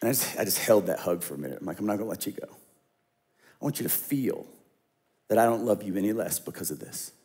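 A middle-aged man preaching a sermon as a pastor, talking conversationally and dropping to a hush when he tells stories. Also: fairly low pitch, expressive, a little fast.

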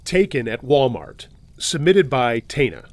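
A man hosting and reading submitted true scary stories aloud, steady, with dry sarcastic asides. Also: mid-range voice, measured pace, no room sound. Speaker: host and narrator.

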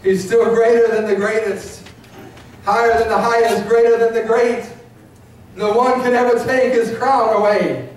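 A man's voice: high-pitched, fairly even intonation, moderate pace, slight background noise. A man preaching an impassioned, emotional sermon as pastor of a church, captured from a distance in the sanctuary. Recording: echoey church recording from far off.

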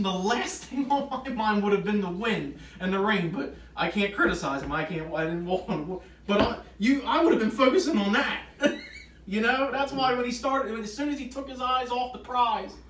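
A man leads an informal Bible study. His voice sits high and turns emphatic as he explains the scripture. He sounds far from the mic in an echoey room with faint noise behind him. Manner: reads scripture aloud, then grows emphatic and animated. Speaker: preacher.

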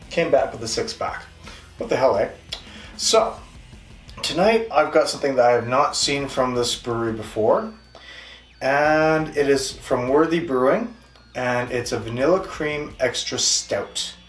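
A man with a Canadian accent hosting a casual beer review, talking in a chatty, rambling, self-deprecating way. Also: mid-range voice. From Western Canada. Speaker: beer reviewer, show host. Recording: echoey room, distant mic, faint music.

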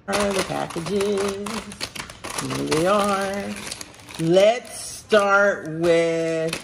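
A woman's voice: on the low side, drawn-out words, gravelly, a little hiss or hum. A woman hosting a casual unboxing vlog, playful and sing-song, chatting to her dogs as she goes. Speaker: vlog host.

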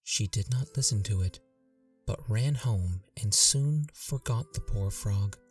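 A man narrating a classic fairy tale in a gentle, lilting storytelling manner. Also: lowish voice, slow, far from the mic, soft background music.

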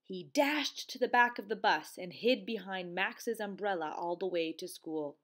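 A woman teacher reading a children's storybook aloud, in an expressive, sing-song way. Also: medium pitch, a little slow.

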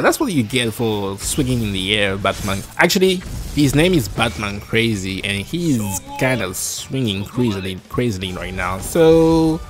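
A man giving live commentary on his own match, excitable and jumpy, talking to himself as he plays. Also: medium pitch. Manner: excitable, jumpy, talks to himself while playing. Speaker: gameplay streamer.

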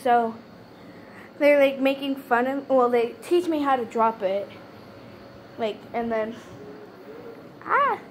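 A young woman with a high voice tells a story to the camera in loose, casual chat. She stutters and restarts often, filling gaps with "um" and "like". A faint hiss of room noise sits behind her. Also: a little slow, pauses often, a little mellow. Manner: stutters, many fillers and restarts. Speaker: vlogger.

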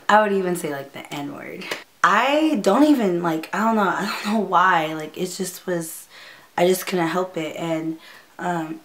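A woman's voice: lowish voice, slow, fairly bright tone, a little hiss or hum. A young woman vlogger telling a personal story in a casual, rambling way, full of fillers and nervous laughs. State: near tears at times.

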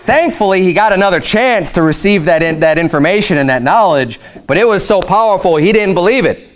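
A male pastor preaching a conversational sermon, emphatic and explanatory, slowing down to read scripture. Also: high-pitched, lively intonation.

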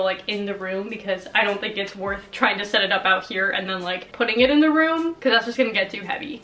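A woman's voice: a little high, a bit bright, roomy sound. A young woman chatting casually to her vlog viewers in an upbeat way, still a little out of breath after hauling heavy boxes. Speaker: vlogger, small sewing business owner. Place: home and outdoors, moving furniture.

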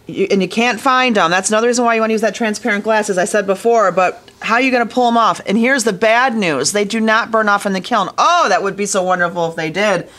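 A woman's voice: mid-range voice, fairly bright tone. A woman teaching glass fusing in a casual hands-on tutorial, chatty and enthusiastic, talking straight to her viewers from a studio workshop.

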